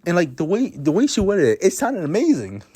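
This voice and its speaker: A man's voice: sits high, huge pitch swings, a little fast, dark tone, slightly rough, no echo. Rambling teen guy telling a storytime. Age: teens. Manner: rambling, self-mocking, swears a lot, many restarts. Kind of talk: casual storytime monologue.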